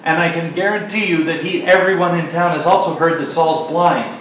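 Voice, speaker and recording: A middle-aged man preaching a sermon in a casual, joking style, full of asides and lively retellings. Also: on the high side, a little fast, very echoey, far from the mic, slight background noise, poor audio.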